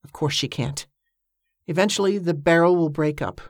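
A woman voicing a gruff, worried middle-aged boatman uncle who speaks in curt, clipped replies. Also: sits low, normal speed, dry recording, studio quality. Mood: tense, gruff.

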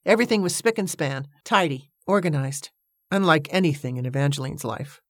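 Low-voiced woman reading a novel. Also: lively intonation, brisk, dry recording, studio quality. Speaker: audiobook narrator. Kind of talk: scripted narration.

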